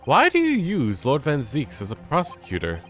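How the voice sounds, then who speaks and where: A man voicing an earnest young male defense lawyer in a game, with high, startled exclamations. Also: huge pitch swings, moderate pace, faint music behind.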